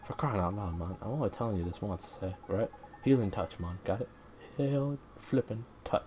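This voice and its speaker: A man's voice: low-pitched, fast, mellow, a little hiss or hum, natural voice. A man voicing a brash, impatient male fairy sidekick who talks in slang and bosses people about, with game music behind. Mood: bossy.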